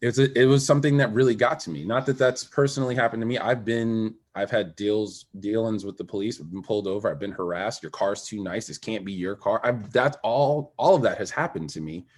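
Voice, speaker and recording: A man who is a former Olympic swimmer, a podcast guest telling a personal story in a candid and emphatic way, dropping quiet and then rising. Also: fairly low pitch, brisk, hardly any pauses. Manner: animated, emphatic, swings between quiet and raised.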